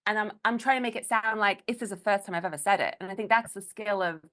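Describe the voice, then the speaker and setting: A young woman from Newcastle with a Geordie English accent, chatting as a guest and telling stories in quick, animated bursts. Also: medium pitch. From Newcastle, England. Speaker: guest, burlesque host and comedian. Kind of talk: casual podcast chat.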